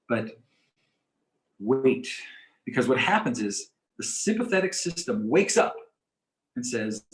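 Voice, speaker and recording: A man presenting a community talk on coping with stress, explaining in a calm, measured way and repeating key phrases. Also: mid-range voice. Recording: roomy echo.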